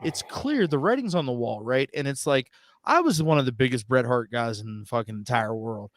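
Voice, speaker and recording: A man's voice: medium pitch, expressive, fairly quick, no echo. A man co-hosting a casual wrestling podcast, making his points emphatically and swearing freely. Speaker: podcast co-host.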